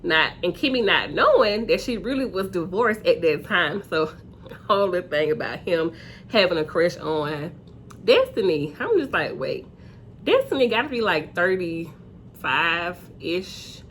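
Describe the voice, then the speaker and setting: A woman hosting a casual reality TV recap, chatty and acting out quotes in high voices. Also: animated, normal speed, slight background noise.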